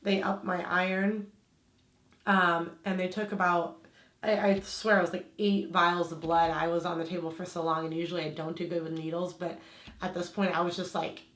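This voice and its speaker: A woman's voice: fairly low pitch, level tone, moderate pace, a bit bright, echoey room. A woman with a slight lisp telling a personal story to camera in a chatty vlog style. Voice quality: slight lisp from aligner trays. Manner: chatty, lots of "like" fillers. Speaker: vlogger.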